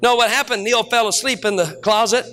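A middle-aged man preaching as a pastor, telling stories to his congregation and rising to shouted peaks. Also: very high voice, a little fast. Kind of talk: sermon.

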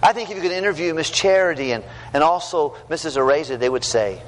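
A middle-aged man preaching a sermon to young people, earnest and storytelling, swinging from loud to hushed. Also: a little high, fast talker, few pauses. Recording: long hall reverb, faint background noise.

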